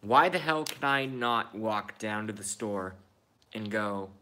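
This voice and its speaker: A man's voice: lowish voice, slow pace, sharp tone. A man in his thirties ranting in a profane, repetitive and indignant monologue. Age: 30s. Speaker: vlogger.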